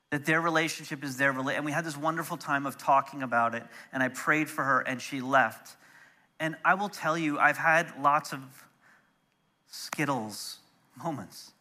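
A middle-aged man preaching, telling a personal story in an animated way that turns soft and quiet when he is moved. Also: fairly high pitch, normal speed. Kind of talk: storytelling sermon.

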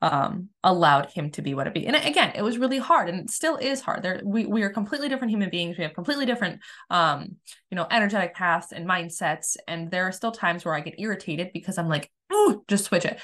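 A woman with a slightly low voice shares her story in a casual personal monologue. She talks candidly and emphatically, swears without hesitation and restarts her sentences often. When she acts out her past frustration, her voice jumps up high and speeds along. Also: lively intonation, fast talker, fairly bright tone. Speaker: energy healer.

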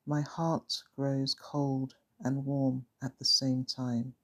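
A calm narrator tells a first-person story at an unhurried pace. The voice is husky and breathy, and the delivery is measured and reflective. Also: mid-range voice.

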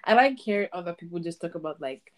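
A young woman hosts a relaxed podcast conversation with friends. Her voice sits a bit low, and she rambles through her thoughts with lots of fillers. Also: fast talker. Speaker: podcast host. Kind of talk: casual chat.

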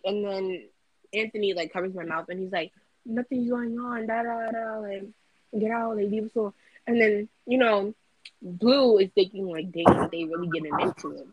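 A young woman on a casual podcast, telling a dream in an animated way, full of fillers. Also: mid-range voice, no room sound, poor audio. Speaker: podcast co-host, student. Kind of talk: casual chat, storytelling.

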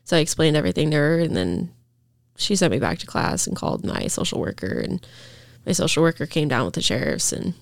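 A woman's voice: low-pitched, very animated, fairly quick, gravelly, no echo. A young woman, a podcast guest, rambling through a personal story with lots of fillers.

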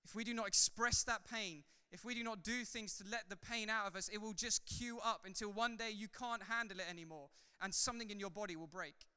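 Pastor guy preaching in a church, high bright voice, long echo off the hall. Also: fairly even intonation, brisk, few pauses, smooth. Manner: impassioned preaching, swings from loud fervor to soft asides. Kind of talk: sermon.

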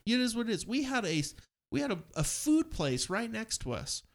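Lively man telling stories, laughing often. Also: very high-pitched, moderate pace, gravelly. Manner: animated storyteller, laughs often, acts out quoted voices. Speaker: podcast guest, brother of host. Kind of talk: casual chat.

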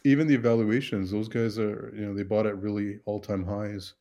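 A man's voice: fairly low pitch, level tone, fairly quick, mellow. A man co-hosting a casual podcast, rambling with restarts. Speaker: podcast co-host. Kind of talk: casual chat.

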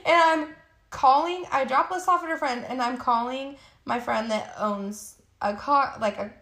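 A woman's voice: sits high, unhurried, fairly bright tone. A woman in her thirties, hosting a podcast, telling a story in casual chat, swearing often and laughing as she talks. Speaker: podcast co-host. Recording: echoey room.

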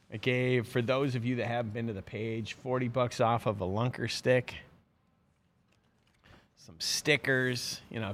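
A man's voice: mid-range voice, fairly bright tone. A middle-aged man hosting a live show from his office, chatting casually with lots of fillers and restarts. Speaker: host of a live fishing subscription show. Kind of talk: casual live-stream chat.

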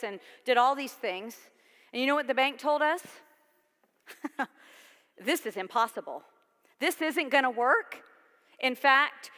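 A woman's voice: high voice, bright, forceful tone. A woman pastor preaching a sermon in a conversational, emphatic way, asking her congregation questions. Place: church sanctuary. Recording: long church reverb.

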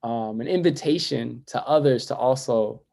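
A man, a poet and educator, speaking reflectively as a guest in a podcast interview, with many "like" fillers and a voice that drops soft and quiet when he turns inward. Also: mid-range voice, moderate pace, gravelly.

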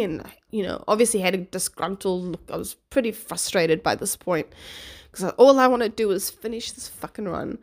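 A woman from South Africa, a podcast host, telling a story in a casual monologue, animated and swearing freely as she acts out her own outbursts. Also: mid-range voice.

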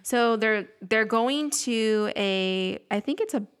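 A woman co-hosting a casual podcast, retelling a film's plot with lively acted-out lines and frequent laughter. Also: on the high side, slow, smooth. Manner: animated retelling, acts out characters' lines, laughs often. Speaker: podcast co-host. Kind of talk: casual movie recap chat.

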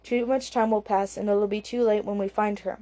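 A woman reading the part of a serious police detective, speaking gravely and urgently. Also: medium pitch, steady tone, fairly quick, dark tone, natural voice.

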